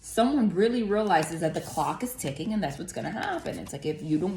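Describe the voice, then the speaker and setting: A woman's voice: on the low side, sing-song, brisk, a little mellow, slight background noise. A woman giving a casual tarot reading in a chatty, rambling way, full of fillers and casual swearing. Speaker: tarot reader. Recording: roomy echo.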